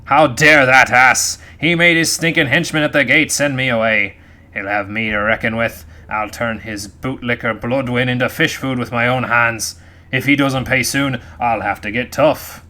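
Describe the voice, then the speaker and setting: A man's voice: mid-range voice, fairly even intonation, normal speed, lightly acted. A man putting on a pirate voice to read a grumbling pirate captain's logbook aloud. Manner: loud, growling pirate voice. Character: grumbling male pirate captain writing his log.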